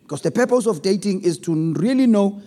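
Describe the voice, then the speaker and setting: A man preaching a sermon on relationships, swinging between loud emphasis and low asides. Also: animated, brisk, long reverb tail. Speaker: pastor.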